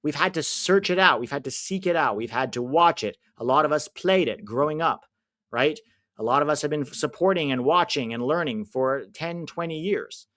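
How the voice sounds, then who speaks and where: An American watch-along host, speaking at a moderate pace with a voice on the high side, reacts live to a football match. Chatty with his viewers, he responds to their comments and lets out bursts of excitement at chances.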